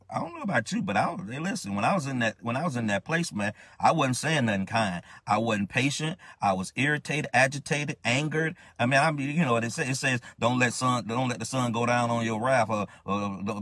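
A man's voice: medium pitch, a bit bright, slightly rough, dry recording. A man ministering, preaching a sermon in a fervent, questioning way with many restarts.

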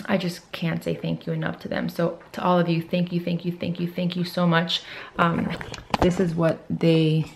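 A woman's voice: fairly low pitch, gravelly. A young woman vlogging casually to camera about her fitness competition, chatty and emotional.

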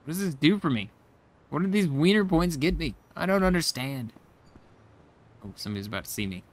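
A man giving casual let's-play commentary, chatty and quick to react aloud and laugh at the game. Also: fairly high pitch, lively intonation, a little hiss or hum. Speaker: gamer.

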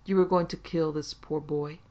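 A man voicing the gruff, roaring ghost of an old male headmaster who mocks his victims with murderous glee. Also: fairly high pitch, fairly even intonation, moderate pace, mellow, muffled recording, lightly acted. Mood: menacing. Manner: mocking, triumphant.

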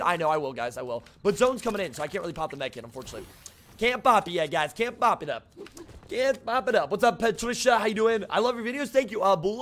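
Upbeat young male game streamer, high pitch, chatty with viewers, faint background hiss. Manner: upbeat, greets chat by name, excitable outbursts. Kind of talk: casual live-stream chat while playing.

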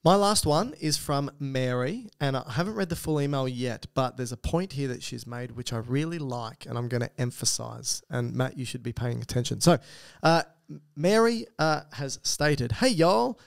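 A man's voice: mid-range voice, expressive, normal speed, gravelly, smooth. A man with an Australian accent co-hosting a podcast, chatting casually, reading out listener emails and explaining things with joking asides. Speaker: podcast co-host.

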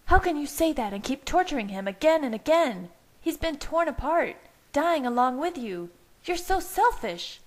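A woman's voice: mid-range voice, steady tone, a little slow, natural voice. A woman reading aloud and voicing an angry, protective young female werewolf who shrieks and snarls her accusations. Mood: furious.

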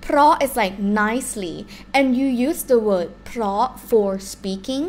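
A young woman with a Thai accent teaching a live-streamed language lesson in a chatty, animated way. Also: a little high, quick pace, slight background noise.

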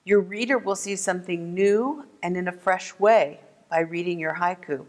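A gentle, clear woman leads a lesson for children, slowing down to sound out each word. Her voice sits a little low for a woman, and it rings with a long echo around the room. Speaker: museum art educator. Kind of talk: instructional video lesson for kids.

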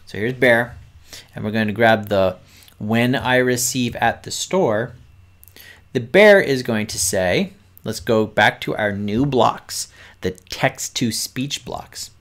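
Rich: A man hosting a kids' coding stream who talks at an unhurried, deliberate pace. He explains each step patiently, checks in with the viewers, and keeps a mid-range voice for the whole lesson. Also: medium pitch, fairly bright tone.

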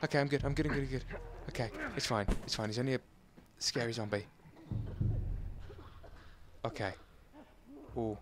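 A man doing excitable, self-mocking commentary over a video game and talking straight to his viewers. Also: medium pitch, moderate pace, long pauses, background noise. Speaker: gameplay commentator. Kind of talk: let's play commentary.

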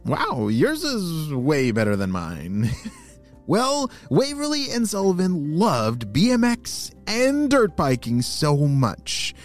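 Animated man telling a kids' story. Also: a little high, slow pace, faint music behind. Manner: animated, enthusiastic, playful. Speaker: children's storyteller and podcast host. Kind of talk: children's story narration.

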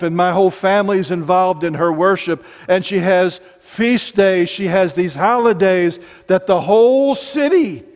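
A long echo follows every phrase as this middle-aged man preaches with fervor, drifting into joking tangents in his Ozarks accent. For a man, his voice runs notably high.

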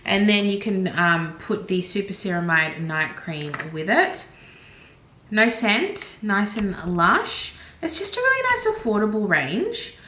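A woman's voice: medium pitch, sing-song, measured pace, bright, forceful tone, slight background noise. An Australian woman chatting casually and enthusiastically through a beauty product haul, with rambling asides. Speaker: beauty vlogger. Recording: roomy echoey room.

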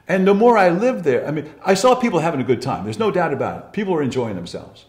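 Older man, candid storytelling, swears a lot, restarts sentences, lively up-and-down pitch, roomy echo. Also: quick pace, hardly any pauses. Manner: profane, blunt, with frequent restarts. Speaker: interviewee recalling past.

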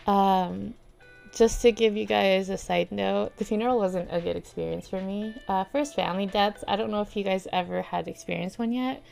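Young woman, livestreamer, casual rambling chat, gravelly fry, near tears, faint music behind. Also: mid-range voice, steady tone, moderate pace, a little mellow. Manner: rambling, filler-heavy, reads chat aloud.

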